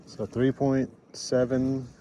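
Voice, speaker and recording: Out on a lake, a man vlogs a fishing trip from a paddled boat, offering casual, chatty commentary in an easygoing, self-deprecating way. His voice is medium-pitched and slow, with steady background noise from the outdoor recording.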